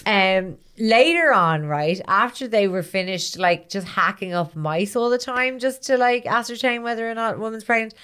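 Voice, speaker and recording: A woman's voice: on the high side, normal speed, few pauses, fairly bright tone, clean tone. Woman rambling thru a history story, giggly, acts out little scenes, casual chat. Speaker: podcast co-host telling a history story.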